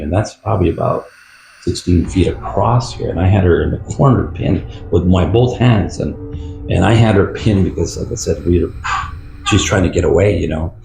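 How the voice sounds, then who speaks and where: An older man, a retired police officer, recounting an experience from his career in a rambling, halting way with many fillers. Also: low-pitched, vocal fry, noisy background. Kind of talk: storytelling interview. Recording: roomy echo with faint music.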